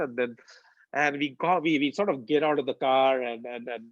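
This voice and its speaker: A man in his 40s from India, a devotional speaker, offers an animated testimony story at medium pitch and normal speed, frequently saying "uh" and "um." The recording is dull, lo-fi, and dry.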